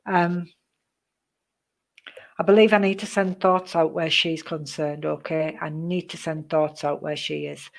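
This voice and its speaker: A woman giving psychic readings on a live stream, chatty and rambling, greeting viewers by name, with many pauses and "um"s. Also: low-pitched, little pitch movement, creaky. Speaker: psychic reader.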